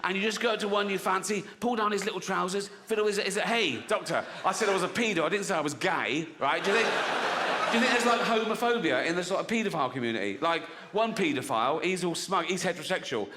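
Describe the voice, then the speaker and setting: A middle-aged man performs stand-up in a blunt, conversational way, breaking into laughter at his own lines. His voice sits a little high for a man. Loud audience noise and laughter fill the background. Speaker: stand-up comedian. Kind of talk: stand-up comedy set. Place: live venue with audience. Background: audience laughter and applause.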